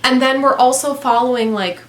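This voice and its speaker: Woman book vlogger, higher voice, blunt and rambly, curses casually, echoey room. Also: fairly quick, a little hiss or hum. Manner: blunt, rambling, swears freely, many fillers. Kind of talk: casual book review chat.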